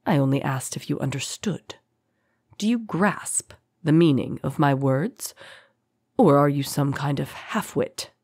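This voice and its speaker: A woman voicing a deep, eerily calm male warlord. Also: a little slow, no echo, studio quality, exaggerated voice. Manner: smooth, courteous, soft-spoken. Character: calm, menacing male rebel leader with a deep voice.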